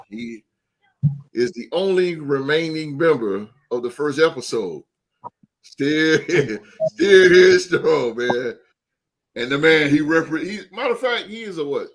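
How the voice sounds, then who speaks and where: A man hosting a sports podcast, reading sponsor plugs and giving booming announcer-style introductions to his co-hosts. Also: fairly bright tone. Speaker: podcast host.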